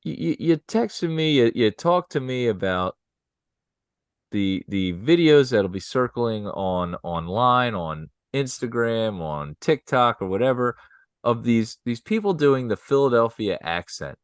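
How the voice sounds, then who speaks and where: A man's voice: mid-range voice, lively intonation, unhurried, clear, resonant tone, dry recording. A man co-hosting a podcast, teasing and upbeat in casual chat. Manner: teasing and upbeat, laughs easily. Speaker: podcast co-host.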